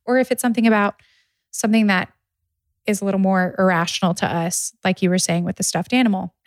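A woman talking casually on a parenting chat, telling stories with an easy laugh. Her voice sits at a middle pitch, recorded dry and close. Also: fairly even intonation, fast, no echo. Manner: laughs often, tells stories animatedly.

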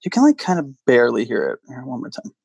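A man's voice: medium pitch, huge pitch swings, fast, gravelly, darkish tone, breathy edge, no echo. A man hosting a podcast, casually chatting and playfully quizzing his guest. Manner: playful, quizzing a guest with multiple-choice options. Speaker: podcast host. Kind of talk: casual chat.

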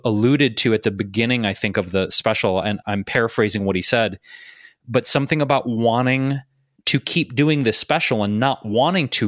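A man's voice: medium pitch, fairly bright tone, dry recording, clean studio sound. A man co-hosting a podcast, talking candidly and bluntly in casual conversation, swearing freely. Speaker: podcast co-host.

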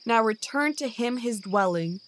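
A woman voicing a young male warrior avenger who speaks in a steady, solemn way, in a storybook tale. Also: fairly high pitch, moderate pace, slight background noise, lightly acted. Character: young male avenger, calm, deep and powerful.

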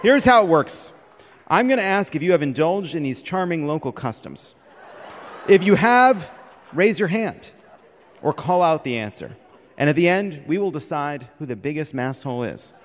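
A man hosting a comedy segment on a live stage, playful and quick, laughing between lines. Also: fairly high pitch, big pitch swings, in a large hall, a little hiss or hum. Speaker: host. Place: theater stage with audience.

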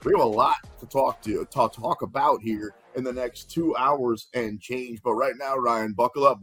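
A man hosting a sports betting show, playful and energetic, reading out odds and plugging the network. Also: medium pitch, normal speed, hardly any pauses, breathy edge, faint music behind.

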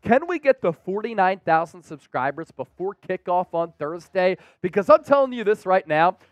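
High-voiced guy hyping up his football channel, dry close mic, talks fast and eager. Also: no echo. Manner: energetic and hyped, addresses the fans directly. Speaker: sports show host. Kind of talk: football analysis commentary.

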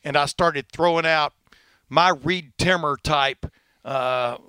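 A middle-aged man with a Texas twang hosting a casual sports podcast, talking fast with lots of uh fillers. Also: fairly high pitch, pushed and bright, clear, resonant tone, no room sound. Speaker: podcast host.

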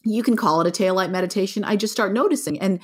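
Middle-aged woman guest, frank and animated, plainspoken, average pitch. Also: fast, breathy edge. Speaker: guest, parenting author. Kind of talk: conversational interview.

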